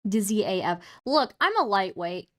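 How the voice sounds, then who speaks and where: A woman's voice: medium pitch, very animated, moderate pace, fairly bright tone. A young woman streaming, reacting to clips in casual commentary, sarcastic and exasperated, swearing freely.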